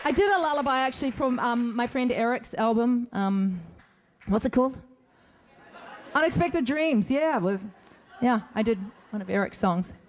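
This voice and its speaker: A woman's voice: on the high side, lively intonation, normal speed, crowd noise. A middle-aged woman answering fan questions on a convention stage in a chatty, rambling way, laughing often. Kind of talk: casual stage Q&A. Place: convention stage before an audience.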